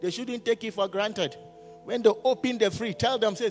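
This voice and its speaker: High-pitched man preaching, keeps asking the church questions, big hall echo, soft music behind. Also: expressive, a little fast. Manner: preaching with call-and-response questions to the congregation. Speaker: pastor. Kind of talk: sermon. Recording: hall reverb with faint music.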